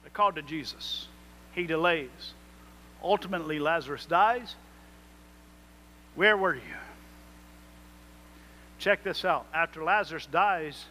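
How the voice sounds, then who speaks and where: A man's voice: fairly high pitch, a little slow, pauses often, bright, forceful tone, a little hiss or hum. A man preaching a sermon, rising into emphatic swells and acting out prayers in quotes. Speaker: pastor.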